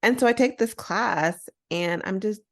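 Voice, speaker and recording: A woman's voice: mid-range voice, measured pace. A woman from the United States hosting a podcast, telling a personal story in casual chat and acting out the voices of people in it. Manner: animated, acts out voices in her stories. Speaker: podcast host.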